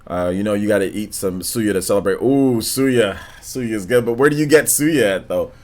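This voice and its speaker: A man hosting a live stream in an unhurried, monotone drawl, reading out viewer comments and chatting between them. His voice sits a little low, and his talk is loose, slangy, and full of fillers. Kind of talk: casual stream chat, reading donations and comments.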